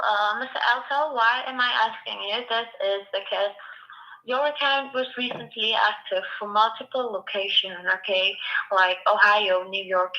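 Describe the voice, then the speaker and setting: A woman on a phone call posing as an agent, speaking in formal, repetitive phrasing that is slightly broken. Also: medium pitch. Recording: muffled phone line.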